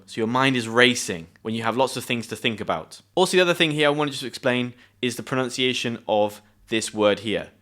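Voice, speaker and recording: A British man teaching English, reading a story aloud and pausing to explain words clearly. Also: medium pitch, a bit bright. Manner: friendly, clear explanations with pauses to define words.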